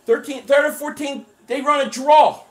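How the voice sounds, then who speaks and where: Host, man, higher voice, energetic play-by-play on a live stream, chats with his viewers. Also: normal speed. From Philadelphia area. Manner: excited play-by-play calling, reading and answering chat. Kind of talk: live game reaction stream.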